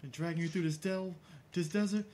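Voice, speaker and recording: A man's voice: sits high, fairly even intonation, brisk, darkish tone. A man in casual chat, joking around and quoting characters from a show.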